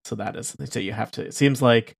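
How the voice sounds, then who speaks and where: A man's voice: lowish voice, a little fast, creaky, no echo, clean studio sound. A man co-hosting a casual podcast, chatty and playful, laughing often. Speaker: podcast co-host.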